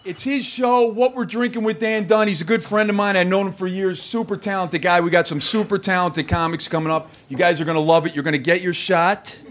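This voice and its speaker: A man's voice: high voice, fairly even intonation, brisk, hardly any pauses, a bit bright. A man doing live stand-up crowd work on a comedy club stage, loose, profane and teasing the audience.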